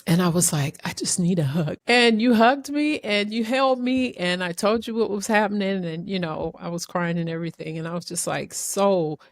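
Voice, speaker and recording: Woman podcast host, mid-pitched, lively emotional storytelling, dry recording. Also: normal speed, hardly any pauses, dry recording. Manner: rambling with many restarts. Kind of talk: casual interview chat.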